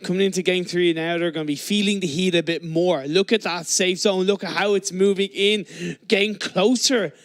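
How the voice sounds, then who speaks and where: A man's voice: sits high, steady tone, normal speed, hardly any pauses, dry recording. Male esports color commentator. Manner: analytical, drops his voice when addressing his co-caster.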